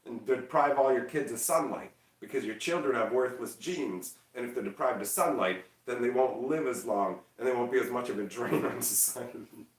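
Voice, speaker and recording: A man chatting casually on a livestream, loud and energetic, teasing his chat. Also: mid-range voice, moderate pace, reverberant, distant mic. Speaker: streamer.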